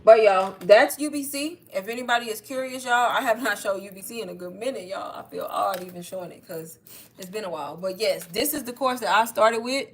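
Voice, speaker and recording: A woman's voice: medium pitch, brisk. A chatty woman on a livestream. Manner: chatty, addresses viewers as y'all. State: out of breath. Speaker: online marketing creator. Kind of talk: casual livestream sales talk.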